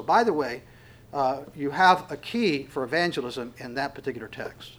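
A man preaching a sermon in an earnest way, slowing to stress key words, swelling to emphatic calls and falling to a hush. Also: medium pitch. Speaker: pastor.

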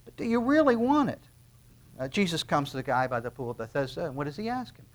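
A man preaching a sermon in a conversational way, acting out little dialogues and swinging between quiet asides and loud emphasis. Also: a little high, big pitch swings, fast. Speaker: pastor.

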